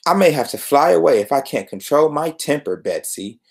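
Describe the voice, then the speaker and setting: A man's voice: a little high, very animated, normal speed, creaky, pitched above the performer's own voice. Man reading as a brooding winged hero. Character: moody winged male hero, short-tempered. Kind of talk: reading comic dialogue aloud.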